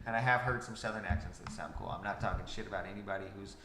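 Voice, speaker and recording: A man's voice: on the low side, very fast, pushed and bright. A young man from Washington state hosting a podcast, talking in a casual, profane, teasing way. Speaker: podcast host. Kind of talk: casual chat. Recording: echoey room with faint noise.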